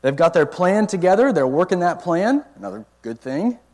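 A man's voice: high-pitched, big pitch swings, normal speed, darkish tone. A man teaching a Bible lesson to a college ministry, asking rhetorical questions and explaining each point step by step. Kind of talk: teaching sermon.

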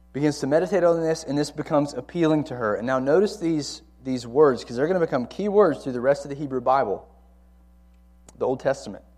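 A man teaching a Bible lesson to a college ministry, speaking conversationally and repeating key words for emphasis. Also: mid-range voice.

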